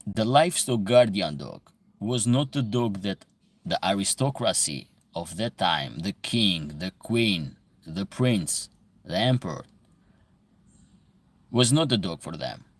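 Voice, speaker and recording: A man's voice: sits low, expressive, slow, breathy edge. A man from Epirus, hosting a casual livestream and explaining at length as he answers viewer questions from the chat.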